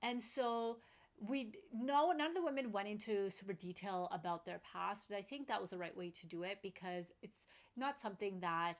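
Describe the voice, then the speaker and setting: A woman speaks to camera in a personal vlog, telling her story with earnest, heartfelt openness. Her voice sits at a mid pitch, and her talk is casual and full of "like". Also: animated, normal speed. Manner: earnest, open-hearted and chatty, with lots of "like". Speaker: vlogger.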